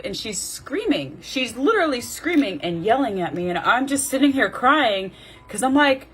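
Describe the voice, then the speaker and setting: A woman's voice: a little high, big pitch swings, normal speed, a bit bright, slightly rough. A woman, a life coach, candidly telling a personal story to her viewers in a conversational way with many fillers. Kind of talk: casual personal storytelling to camera.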